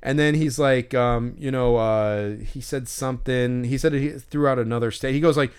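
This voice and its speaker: Man, podcast co-host, mid-pitched and smooth, rambling and sarcastic in casual chat. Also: fairly even intonation, normal speed. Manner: rambling storytelling, many fillers and restarts; exasperated, sarcastic about fans.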